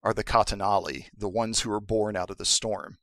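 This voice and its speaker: A man's voice: fairly low pitch, brisk, a bit bright, dry recording. A man voicing a mysterious, grave swordsman with a thick Spanish accent, speaking in cryptic, solemn pronouncements.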